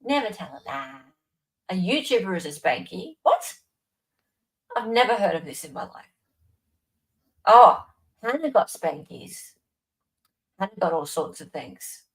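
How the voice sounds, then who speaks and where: A woman's voice: on the low side, sing-song, a little slow, long pauses, rough recording. Chatty Australian woman live-streaming. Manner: chatty, answers viewer comments by name. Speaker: livestream host. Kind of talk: casual live-stream chat.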